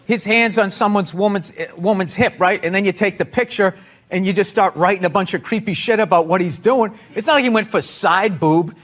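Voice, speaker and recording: A man's voice: high voice, fairly quick, fairly bright tone. A man who is a guest on a talk show, joking bluntly and cursing as he answers questions. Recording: studio audience, noisy broadcast.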